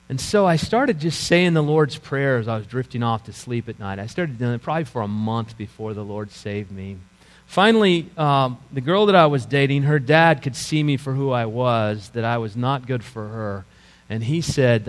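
A middle-aged man preaches his own story with earnest, storytelling warmth in the phrasing, sometimes sinking to a hushed, low delivery. His voice carries a long reverb, as from a large hall, and a faint electrical hum sits underneath. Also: moderate pace. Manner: earnest storytelling, dropping to quiet low lines. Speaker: pastor. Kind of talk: sermon testimony. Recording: echoey hall with mains hum.

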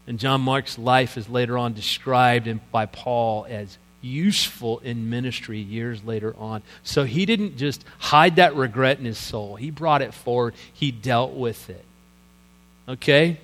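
A man's voice: medium pitch, measured pace, a bit bright. A middle-aged man preaching a sermon as a pastor, telling stories in a loose, conversational way and laughing at his own anecdotes. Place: church sanctuary. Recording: live hall with long reverb and mains hum.

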